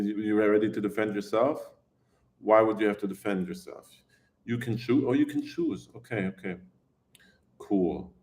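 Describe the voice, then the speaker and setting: A man's voice: mid-range voice, a little mellow. A man chatting casually on a live stream, rambling and oversharing as he answers his viewers' questions and laughs often.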